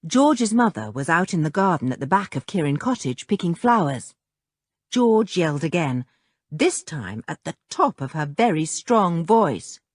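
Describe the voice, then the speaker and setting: A woman reading a children's novel aloud as an audiobook narrator, with expressive storytelling. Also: fairly low pitch, measured pace, dry recording, clean studio sound.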